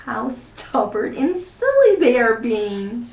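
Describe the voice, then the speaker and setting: An older woman reads a children's book aloud, slowly and gently, her voice lilting up and down. She sounds roomy and a little muffled, as if she was recorded in a room at home. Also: on the high side, sing-song. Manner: gentle, grandmotherly coaxing. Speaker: storybook reader.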